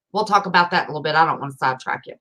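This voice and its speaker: A woman's voice: low-pitched, bright, forceful tone, rough recording. An older woman hosting a casual chat, folksy and chatty, laughing often. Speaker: host.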